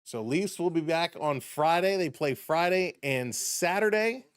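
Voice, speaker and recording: A man calling live hockey play-by-play on a stream, quick and excitable, chatting with viewers between plays. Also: fairly high pitch, clear, resonant tone, dry recording. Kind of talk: hockey play-by-play commentary with chat shout-outs.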